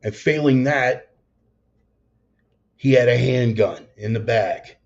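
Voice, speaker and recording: Dude preaching a sermon, cusses a lot, blunt and intense, kinda dull lo-fi sound. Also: male voice, mid-range voice, slow pace, gravelly, a little mellow. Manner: profane, blunt, intense storytelling. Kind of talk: storytelling sermon.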